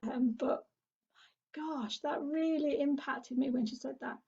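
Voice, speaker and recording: A woman's voice: high-pitched, steady tone, unhurried, vocal fry, mellow, highs cut off. A middle-aged woman from England who leads a parenting group, talking in an earnest, encouraging way. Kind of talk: casual spoken talk.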